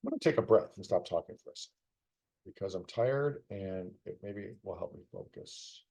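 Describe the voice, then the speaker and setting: Though tired and yawning, this middle-aged man has a low, slightly mellow voice with lively intonation at a normal pace. He mutters to himself while solving a puzzle live on stream, casually needling the setter.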